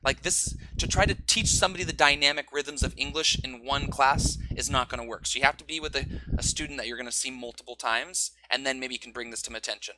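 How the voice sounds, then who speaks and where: A man teaching other teachers how to train stress and intonation, talking in a relaxed, conversational way and chanting rhythms to demonstrate. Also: medium pitch, no echo. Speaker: English teacher.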